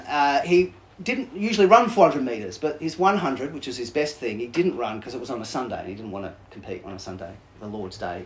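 A man preaching a sermon, chatty and joking with the congregation, asking questions and reading scripture aloud. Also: medium pitch. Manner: conversational, animated, jokes with congregation. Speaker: pastor.

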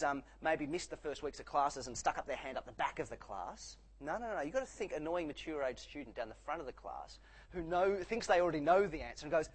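A male pastor preaching a sermon, animated and acting out the voices he quotes. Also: fairly high pitch, brisk, breathy edge, poor audio.

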